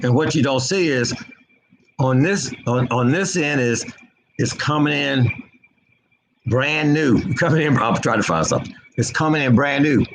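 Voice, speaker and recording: A man giving an unscripted spiritual commentary, impassioned and repetitive, his pitch swinging between low and high. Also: a little hiss or hum, low-quality recording. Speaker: online preacher.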